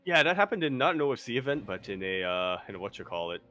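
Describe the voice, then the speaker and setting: A man co-hosting an esports podcast, chatting casually with jokey, animated asides. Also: mid-range voice, very fast, soft background music. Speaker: podcast co-host.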